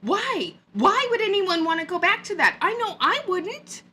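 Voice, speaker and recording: A woman's voice: extremely high pitch, sing-song, normal speed, bright, forceful tone. A woman vlogger giving a sarcastic, mocking rant in a hot upstairs room. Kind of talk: ranting commentary vlog.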